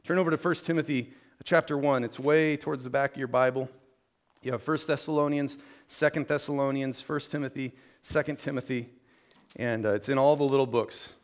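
A man's voice: mid-range voice, steady tone, a little fast. A man preaching a conversational sermon to a congregation, informal and joking, often restarting and repeating words.

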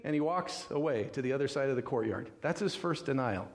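A man's voice: on the high side, fairly quick. A man preaching a sermon, telling a story with acted-out voices and asking the listeners questions. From California. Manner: animated storytelling, acting out voices, rhetorical questions. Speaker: pastor.

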